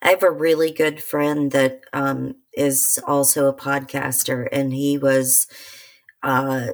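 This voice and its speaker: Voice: mid-range voice, level tone, takes it slowly. A podcast host chatting casually, playful and encouraging.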